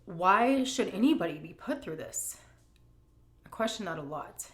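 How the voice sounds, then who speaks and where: A woman's voice: mid-range voice, lively intonation, fairly bright tone. Candid middle-aged woman, echoey room. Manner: candid, emotional, drawn-out emphasis. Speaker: vlogger answering viewer questions. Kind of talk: casual Q&A chat.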